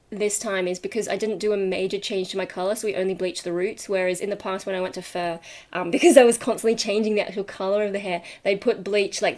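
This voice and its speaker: A young woman talks straight to her camera in a loose, rambling vlog. She drifts from one tangent to the next, peppering her sentences with ums and likes. She laughs easily as she chats. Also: medium pitch. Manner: chatty, laughs often while talking. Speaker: vlogger. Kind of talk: casual rambling chat to camera.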